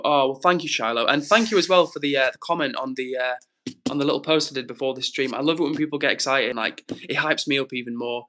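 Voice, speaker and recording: A man's voice: mid-range voice, fast, pushed and bright, slight background noise. A man hosting his own live stream, chatting casually and reading out viewer comments in an upbeat way.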